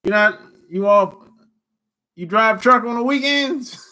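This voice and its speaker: Man, casual host, high pitch, laughs a lot, teasing slang banter. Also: measured pace, sharp tone. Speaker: livestream host talking with callers. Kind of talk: casual chat.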